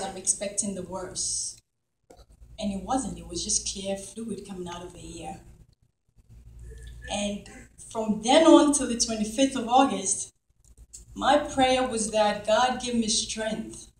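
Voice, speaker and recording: A middle-aged woman telling a church congregation a testimony, animated and acting out the lines of the people in her story. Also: medium pitch. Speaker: church member giving testimony. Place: church hall. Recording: echoey hall, from far off.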